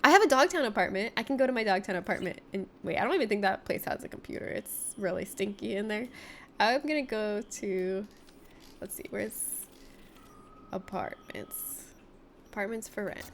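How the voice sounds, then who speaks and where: A woman's voice: medium pitch, animated, fairly quick, a bit bright, slight background noise. A woman giving live gameplay commentary as a streamer, joking with her viewers in a playful, laughing way. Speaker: game streamer.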